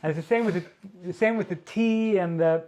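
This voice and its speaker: A man's voice: sits high, mellow. Icelandic man chatting on a video call. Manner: halting, many fillers and restarts, laughs often. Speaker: editor-in-chief, co-host.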